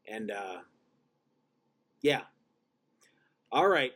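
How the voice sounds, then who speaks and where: A man hosting a vlog, telling a rambling story with many restarts and deadpan self-mocking humor. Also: medium pitch, normal speed, pauses often. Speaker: channel host.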